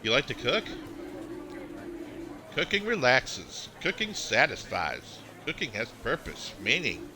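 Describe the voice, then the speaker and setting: A pompous civic man who lives for cooking, as a man puts him on, drawling in a Southern accent with slow, formal phrasing. His pitch rolls up and down with a lively lilt. Steady game ambience hums clearly behind him. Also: background noise. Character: pompous male townsman who loves cooking.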